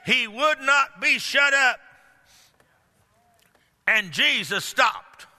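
Older preacher in a reverberant hall. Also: male voice, expressive, extremely slow. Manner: preaching, swings from loud outbursts to low hushed lines. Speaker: pastor. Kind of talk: sermon. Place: large church hall.

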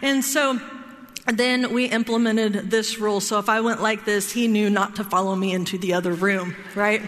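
Woman, workshop teacher, bright and forceful tone, chatty delivery that keeps asking "right?", long hall reverb. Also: mid-range voice, fairly even intonation, normal speed. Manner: checks in often with "right?" and "all right?". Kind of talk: conversational teaching talk.

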